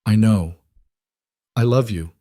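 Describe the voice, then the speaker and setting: A man's voice: fairly low pitch, takes it slowly, mellow, no room sound, studio quality. A man reading a pregnant young woman's lines in a raised, pleading voice. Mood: tender. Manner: pleading, rising voice.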